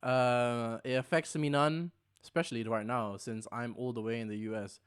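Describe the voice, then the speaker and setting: Smooth-voiced young man, jokey. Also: mid-range voice, steady tone, moderate pace. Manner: jokey, sarcastic, laughs often. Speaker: podcast co-host. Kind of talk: casual chat.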